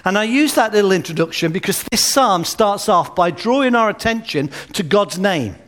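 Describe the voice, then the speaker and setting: A man preaching a sermon with gentle humor and anecdotes, at a baby's naming. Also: high voice, animated, normal speed. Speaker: pastor. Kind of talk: sermon at a baby dedication.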